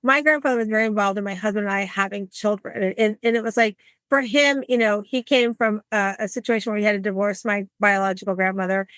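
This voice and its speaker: A woman's voice: medium pitch, quick pace, dry recording. Dry-voiced woman in her sixties, chatty storyteller. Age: 60s. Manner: animated, acts out quoted voices. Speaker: podcast host. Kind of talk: conversational storytelling.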